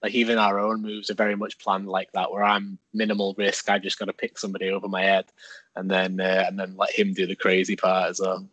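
A man with a very low voice speaks as a podcast guest, explaining in a steady, measured way. His pitch barely moves. The sound is close and dry. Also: no echo. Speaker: guest, wrestler. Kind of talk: casual podcast talk.

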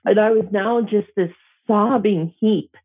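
Gentle woman elder over tinny audio. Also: mid-range voice, slightly rough. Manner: slow, gentle, emotional telling with pauses. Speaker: Métis elder sharing a personal story. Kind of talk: reflective personal storytelling.

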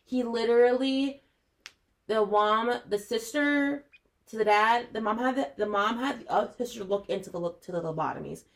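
A woman's voice: a little high, normal speed, creaky. Blunt young woman rambling casually. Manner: blunt, rambling, swears freely. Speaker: podcast co-host. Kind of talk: casual chat.

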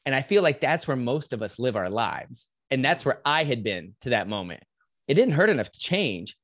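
Man, podcast guest, energetic motivational storyteller, casual and blunt. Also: mid-range voice, moderate pace. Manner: animated, casual, swears, mimics voices in anecdotes.

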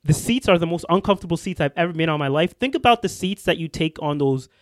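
Young man, podcast co-host, casual storytelling, rambling restarts, slightly high voice, dry close sound. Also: lively intonation, quick pace, no room sound. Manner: rambling with many restarts and fillers.

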